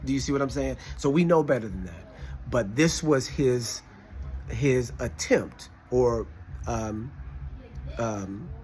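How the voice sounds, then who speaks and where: Soft music plays behind a medium-pitched man speaking slowly as he recounts something that happened in class. He tells it casually yet emphatically, animatedly voicing what others said.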